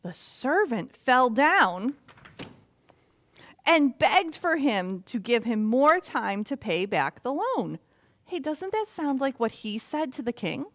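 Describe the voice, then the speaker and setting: A woman teaching a children's Bible lesson in animated storytelling that sometimes drops to a loud whisper. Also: high voice, slow pace.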